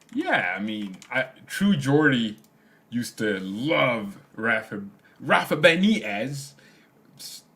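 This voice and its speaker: A man's voice: on the low side, fairly bright tone. A young man hosting a casual fan livestream, rambling in slangy chat, laughing often and reading comments aloud. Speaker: fan channel host.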